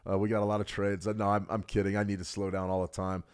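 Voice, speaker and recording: Middle-aged guy, kinda low voice, running a live trading stream, rapid-fire and jokey with chat. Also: smooth. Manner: fast-talking, animated, jokey with viewers. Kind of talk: live market analysis, reading chat.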